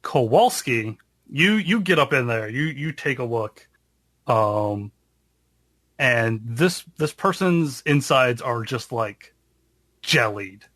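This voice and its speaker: A man runs a tabletop game as game master, describing scenes slowly. He pauses often and fills gaps with ums. His voice sits in a mid range and sounds dry and close. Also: medium pitch, animated, a bit bright, dry recording. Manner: halting, filler-heavy narration.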